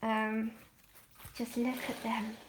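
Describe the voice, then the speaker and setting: A woman hosting a casual colouring livestream, gushing and excitable, laughing often and trailing off mid-sentence, heard from a camera set back from her desk. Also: a little high, takes it slowly. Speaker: colouring channel host. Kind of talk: casual livestream chat while unboxing.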